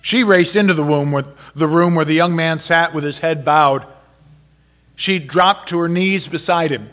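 A man narrating a story in a measured, dramatic reading style. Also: a little high, a bit bright.

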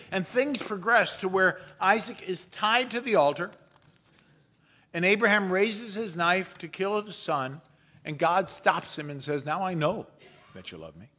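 Male pastor, sermon delivery, bright tense voice, unhurried and wry. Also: high voice. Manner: measured, storytelling delivery with playful asides.

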